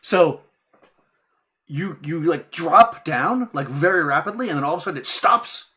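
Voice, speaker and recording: A young man running a tabletop game as game master, narrating casually with many restarts and quick laughs. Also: a little high, animated, pushed and bright.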